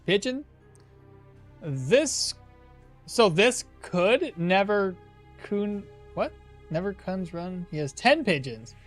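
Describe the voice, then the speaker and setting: A man talking to his stream chat while he plays, exasperated and often laughing. His voice sits high and swings widely in pitch. Faint game music plays quietly behind him. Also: sing-song, takes it slowly, long pauses. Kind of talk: casual live-stream commentary.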